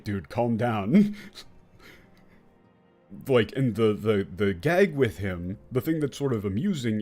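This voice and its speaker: A man commentating casually while playing a game, rambling with fillers and swearing. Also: mid-range voice. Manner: animated, profane, rambling with many fillers. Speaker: gaming streamer.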